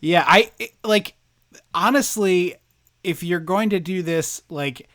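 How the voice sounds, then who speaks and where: A man co-hosting a casual movie podcast, rambling and animated, with plenty of fillers and restarts. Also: sits high, slow pace. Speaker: podcast co-host.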